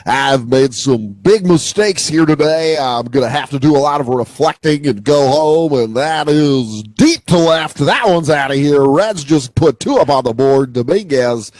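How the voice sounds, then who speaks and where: A man playing a disgraced male baseball announcer who apologizes on air and calls the game in a slow, measured broadcast delivery. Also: fairly high pitch, lively intonation, a little mellow, no echo. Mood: mock contrite. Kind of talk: comedic impression.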